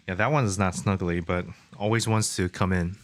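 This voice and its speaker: This low-voiced young man streams his game development work from a home desk mic, with slight background noise audible. His talk is casual and rambling as he reads chat out loud and pokes fun at himself.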